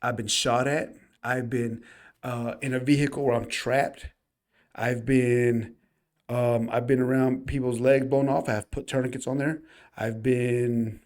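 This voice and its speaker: Speaking in a mid-range, somewhat dark voice, the podcast co-host recounts something from his own life in relaxed chat. He's sincere and forceful, repeatedly calling his audience "y'all."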